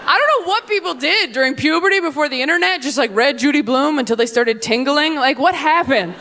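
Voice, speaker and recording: A young woman on a comedy stage delivers a stand-up set with a slightly high voice and a brash, deadpan edge. She jumps into little put-on voices that swing her pitch up and down, and a faint hum of room ambience sits behind her. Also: a little fast. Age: young adult. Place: comedy stage with a live audience.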